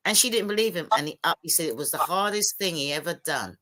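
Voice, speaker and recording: Animated woman telling stories on a call. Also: lowish voice, fast talker, hardly any pauses. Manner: animated storyteller acting out quotes. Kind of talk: casual panel chat.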